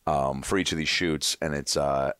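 A man's voice: very deep voice, fairly even intonation, normal speed, fairly bright tone, clear, resonant tone, no room sound, clean studio sound. A man in his thirties telling rambling, profane stories as a podcast guest, slipping into voices for others. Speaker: comedian guest. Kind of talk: casual podcast chat.

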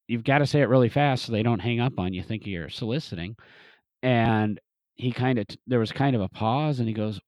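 Man, low voice, rambling casual storyteller, dry close recording. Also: brisk, a little mellow, no echo. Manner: rambling, many restarts and fillers. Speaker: museum restoration specialist, podcast guest or host.

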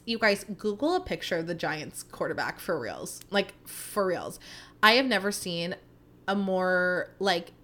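A woman in her thirties hosting a podcast, chatting casually and animatedly, saying "like" a lot. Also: mid-range voice. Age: 30s. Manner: chatty, animated storytelling, heavy use of "like". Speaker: podcast host. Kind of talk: casual chat.

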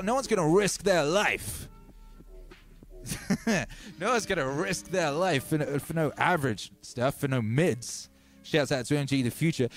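An English man in his thirties hosting a casual livestream, talking in slang, reading out chat messages and telling stories with lively energy. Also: on the high side. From England. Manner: animated, slangy, reads chat aloud. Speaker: livestream host.

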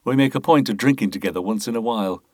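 A man's voice: on the low side, fast talker, no room sound, studio quality, natural voice. A man voicing a shifty, self-important male market manager who blusters and grows defensive. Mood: blustering.

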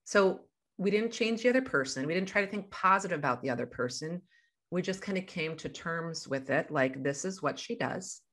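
A woman's voice: fairly low pitch, animated, fairly quick, a bit bright. A woman guest on a podcast interview, a life coach talking over a video call and explaining through everyday examples.

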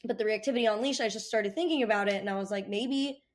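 A woman answering interview questions about training her dog, animated and acting out cheerful voices. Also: mid-range voice, fast talker.

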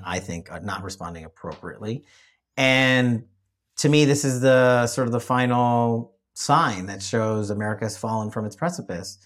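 Husky low-voiced man talking politics. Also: fairly bright tone. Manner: emphatic, repeats himself when restarting. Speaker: show host. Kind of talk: political discussion.

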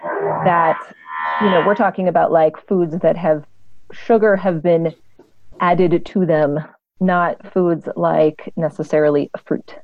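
A woman's voice: low-pitched, steady tone, measured pace, gravelly, muffled recording. A woman co-hosting a podcast, asking questions in a playful, joking way. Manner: playful, asks questions, jokey. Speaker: podcast co-host. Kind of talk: casual podcast chat.

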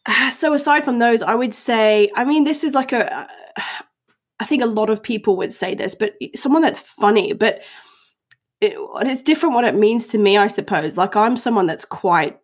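A woman's voice: a little high, moderate pace. Chatty young woman co-hosting a podcast. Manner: chatty, full of "like" and restarts, laughs often. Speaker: podcast co-host. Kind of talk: casual chat.

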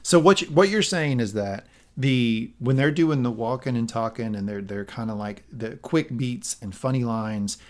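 A man's voice: medium pitch, normal speed. A man co-hosting a podcast, casually recapping a TV episode and reading out quoted lines. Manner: narrates plot, reads quoted lines aloud. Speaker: podcast co-host.

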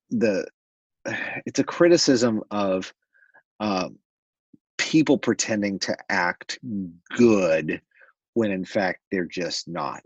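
A man in casual conversation, analyzing a comedy routine in a thoughtful, measured way. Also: lowish voice, darkish tone, breathy edge, no room sound. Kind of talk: casual chat. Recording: dull lo-fi mic, dry.

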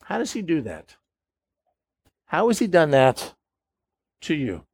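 A man preaches a sermon in a fairly high voice, pressing his listeners with questions. He acts out the hesitant replies of doubtful believers. The sound is dry, with no room echo. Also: wildly swooping pitch, slow pace, slightly rough. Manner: emphatic, asks the audience questions, acts out quoted voices.

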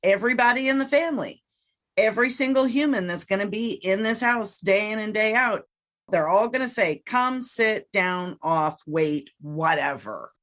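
A woman hosting a casual conversation who backs her guest up with quick agreement and short remarks. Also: medium pitch. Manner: agreeable, lots of short backchannels.

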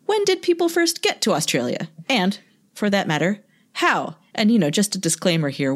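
A woman co-hosting a casual podcast, reading through research notes with laughing asides. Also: deep voice. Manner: reads sources aloud with laughing asides. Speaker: podcast co-host.

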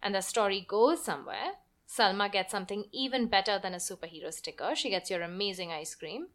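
A woman's voice: medium pitch, brisk, fairly bright tone. A woman hosting a podcast who teaches storytelling for marketing and reads a short story aloud expressively.

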